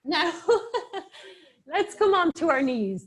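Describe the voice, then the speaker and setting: A woman's voice: sits high, expressive, slow pace. A woman teaching a live online yoga class for children, giving playful, encouraging cues and laughing often over a video call.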